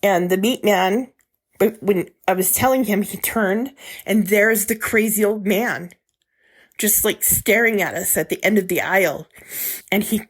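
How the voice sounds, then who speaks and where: A woman's voice: mid-range voice, measured pace, slightly rough. Woman, guest storyteller, first-person retelling, emotional, acts out her own lines.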